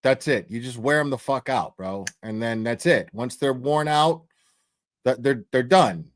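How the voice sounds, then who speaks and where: A man's voice: mid-range voice, unhurried, a little hiss or hum. A man hosting a commentary show, delivering a crude, profane rant with emphatic repetition. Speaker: commentary host.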